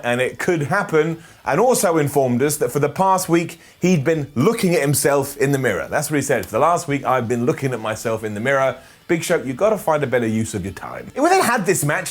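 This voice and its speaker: A man reviewing a wrestling show in a comedic, sarcastic recap monologue. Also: a little high. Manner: sarcastic, jokey, mocking asides.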